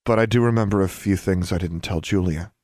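A man reading the lines of a troubled teenage witch girl who speaks quietly and haltingly, in a low voice. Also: no room sound, studio quality, close to an everyday voice. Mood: hesitant.

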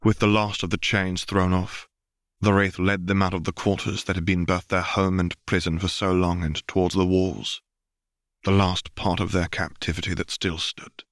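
A man narrates a story in a low, deep voice, steady and even. The recording is close and dry, with no room sound. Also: moderate pace, no room sound. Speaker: audiobook reader. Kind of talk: fanfiction audiobook narration.

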